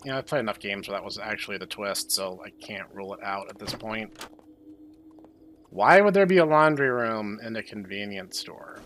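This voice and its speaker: A young man doing sarcastic, deadpan commentary while playing a horror game. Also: fairly low pitch, normal speed, a little hiss or hum. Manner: deadpan, dry sarcastic asides. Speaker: game streamer. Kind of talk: sarcastic let's-play commentary.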